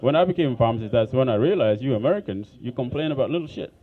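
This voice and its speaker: A man's voice: mid-range voice, racing, phone-quality sound. A man with an African accent doing a blunt, profane stand-up comedy set on a club stage. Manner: blunt, profane, animated storytelling.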